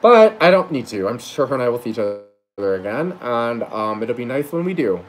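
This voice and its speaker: Male vlogger, gushing and rambling, swears freely, mid-pitched voice, faint noise behind. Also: very animated, normal speed, rough recording. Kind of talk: casual storytelling vlog.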